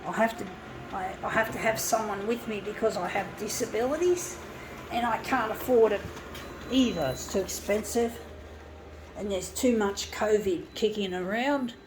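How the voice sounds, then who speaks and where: A woman's voice: medium pitch, normal speed, noisy background. A woman, rambling chattily to viewers as she crafts at home and calling them "folks". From Guam. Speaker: vlogger. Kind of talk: casual crafting vlog. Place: home lounge room with a fan.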